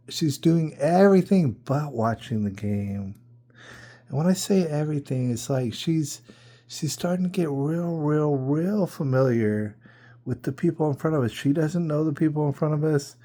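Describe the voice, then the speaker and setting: A man's voice: a little high, dark tone. Incredulous man telling a story. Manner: incredulous, full of rhetorical questions and repeats. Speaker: podcast host. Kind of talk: casual storytelling.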